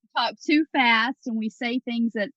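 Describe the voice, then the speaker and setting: A woman's voice: fairly high pitch, normal speed, fairly bright tone, dry recording. Enthusiastic Southern American woman guest. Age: 40s. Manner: enthusiastic, laughs often. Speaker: guest photographer. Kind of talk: casual interview chat. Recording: dull dry sound.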